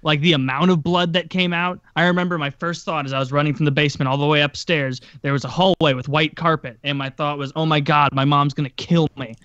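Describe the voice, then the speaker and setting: Rambling man, slightly high voice. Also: steady tone, fast, few pauses, a bit bright, smooth, no room sound, dull audio. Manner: rambling storyteller, lots of filler words and swearing. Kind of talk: casual chat.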